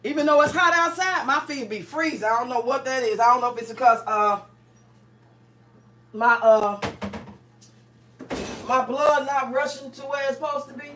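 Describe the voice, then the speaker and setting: Woman livestream host, high-pitched, talkative and laughing, cooking as she chats with viewers. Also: moderate pace, pauses often, a bit bright, a little hiss or hum. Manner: chatty, laughs often, reads out viewer comments. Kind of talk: casual livestream chat while cooking.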